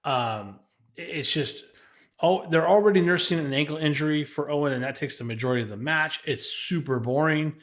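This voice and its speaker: A man co-hosts a podcast and hands out blunt grades in a casual, slightly exasperated tone. He sounds relaxed and plain, dropping slang as he talks. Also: fairly high pitch, a little fast. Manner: blunt, exasperated, says bro. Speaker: podcast co-host. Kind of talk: casual chat, giving match ratings.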